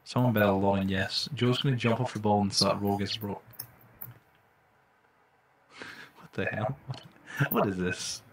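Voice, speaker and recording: Excitable young man streaming a game. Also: fairly low pitch, a little slow, long pauses, a little hiss or hum. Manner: excitable, swears, loud startled reactions. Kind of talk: casual live-stream commentary.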